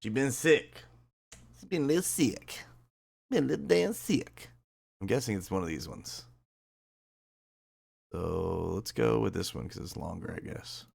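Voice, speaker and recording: A man's voice: on the low side, lively intonation, unhurried, creaky, pauses often, darkish tone, breathy edge. A man streaming live, joking and teasing his chat in a casual way.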